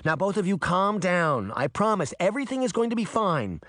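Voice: medium pitch, sing-song, moderate pace, fairly bright tone, dry recording, clean studio sound, voice pushed up. A reader voicing a fierce, protective mother who speaks firmly and commandingly, read as an audiobook. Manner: firm and commanding. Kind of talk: audiobook reading.

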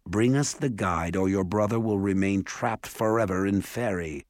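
A man voicing a stern, solemn male elf in a storybook reading, speaking slowly and gravely. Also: on the low side, no echo, clean studio sound, natural voice. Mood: threatening. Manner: slow, grave and accusing. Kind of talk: audiobook character voice.

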